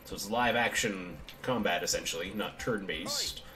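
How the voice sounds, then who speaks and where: A man's voice: sits low, normal speed. A man giving casual let's play commentary, chatty and reading tutorial text aloud. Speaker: gaming streamer.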